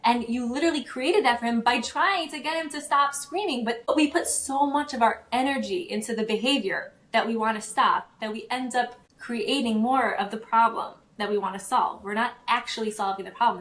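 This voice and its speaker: A woman guest on a podcast interview, telling stories in a lively way, acting out what people said and using lots of "like". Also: fairly high pitch, reverberant. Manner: animated storyteller who acts out quotes, many fillers. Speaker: guest, parenting approach practitioner.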